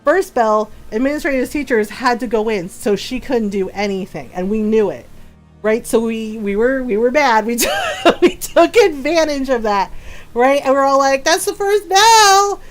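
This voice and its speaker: A woman's voice: on the high side, moderate pace, soft background music. A woman streamer telling stories in casual chat, laughing often and acting out the voices of people in her stories.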